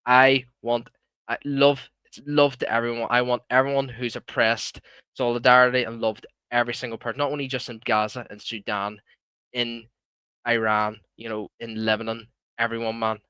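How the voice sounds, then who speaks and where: Bright-voiced heated Irish young man. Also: medium pitch, level tone, normal speed, clear, resonant tone, no echo. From Ireland. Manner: heated, frequent swearing, calls listeners "man". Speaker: livestream host. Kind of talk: casual live-stream commentary.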